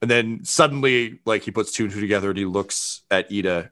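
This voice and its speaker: A man's voice: fairly low pitch, brisk, a bit bright. A man narrating as game master, telling the story in a loose style full of fillers.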